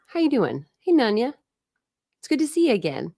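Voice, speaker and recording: A woman's voice: fairly high pitch, sing-song, moderate pace, pauses often, mellow, no echo, studio quality. A woman hosting a casual livestream from home, chatty and breathless, greeting viewers by name with frequent laughs. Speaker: livestream host. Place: home room with dogs.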